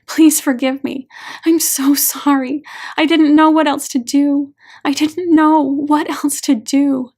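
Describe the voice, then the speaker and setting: Woman doing a distraught woman in her forties, sobbing broken words, higher voice. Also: fairly even intonation, slow pace, creaky, exaggerated voice. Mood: anguished. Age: 40s. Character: anguished woman reliving teen trauma, sobbing.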